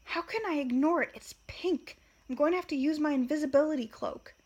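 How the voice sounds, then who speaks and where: A woman voicing a cheeky teenage boy who complains loudly and quickly. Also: high voice, voice pushed up, lightly acted. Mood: whiny. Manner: loud, whiny. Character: cheeky teenage boy, loud older brother.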